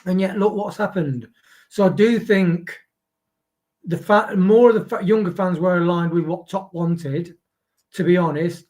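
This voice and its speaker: A man gives his opinion about the club in earnest, casual fan talk. His voice is noticeably high-pitched. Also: a little slow, darkish tone. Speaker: fan show panelist. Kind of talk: casual podcast banter.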